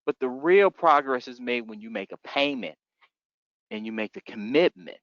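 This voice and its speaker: A middle-aged man runs a sales training session, telling stories from his own calls. He talks at an everyday pitch for a man. He acts out customers as he goes, and the sound is dull and close with no room around it. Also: normal speed, no room sound. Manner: animated storytelling, acts out customers in voices. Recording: dull, muffled dry recording.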